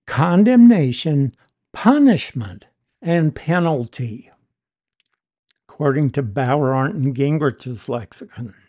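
A preacher giving an expository Bible teaching sermon, deliberate and emphatic, leaning hard on key words. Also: mid-range voice, a little mellow.

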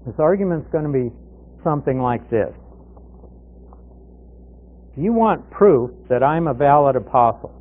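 A man with a fairly high voice teaches through a Bible passage verse by verse. He talks conversationally, asking questions and answering them himself. The sound is thin and phone-like, as on a radio broadcast. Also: expressive, a little slow, long pauses.

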